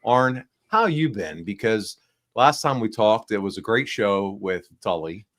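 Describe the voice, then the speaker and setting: Male podcast host, deep-ish voice, nasal and congested, loose upbeat rambling delivery. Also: expressive, measured pace, fairly bright tone. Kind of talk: casual podcast chat. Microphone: small backup microphone.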